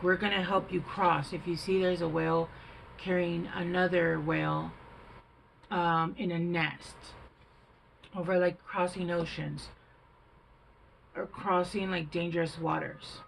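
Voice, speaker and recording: A woman's voice: fairly low pitch, creaky, a little hiss or hum, low-quality recording. A woman doing a casual tarot reading, chatty and rambling, thinking aloud with fillers, recorded at home on a camera mic. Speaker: tarot reader.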